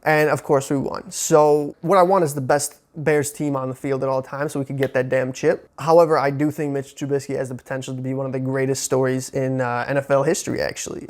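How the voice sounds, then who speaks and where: A young man from Chicago giving casual, excitable football commentary as a sports vlogger, full of fillers and slang. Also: mid-range voice, a little fast. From Chicago, USA.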